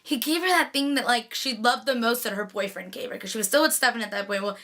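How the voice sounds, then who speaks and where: A woman's voice: on the high side, quick pace, bright, forceful tone. A young woman gushing in a casual, chatty recap of a TV episode, full of "like".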